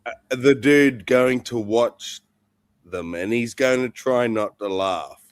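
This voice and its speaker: A man's voice: mid-range voice, slow. A man chatting casually with friends, teasing them with crude jokes. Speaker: streamer hanging out with friends. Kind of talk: casual chat.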